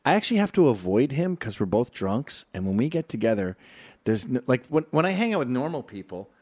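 Animated male comedy host, voice swinging widely in pitch, quick to act out bits. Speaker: podcast host. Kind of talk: casual comedic chat.

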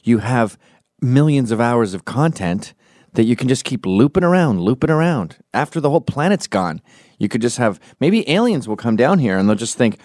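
This man in his forties has a mid-range, darkish voice that swings widely in pitch at a normal speed. He delivers a profane, opinionated comedic podcast monologue, breaking into quoted voices as he tells stories, all captured in clean studio sound with no room echo.

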